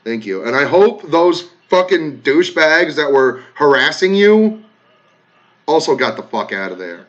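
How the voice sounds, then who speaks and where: Animated, emotional man with lively pitch. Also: a little slow, dull audio. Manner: emotional, swears freely, animated swings from loud to soft. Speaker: content creator reading comments. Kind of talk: casual vlog commentary.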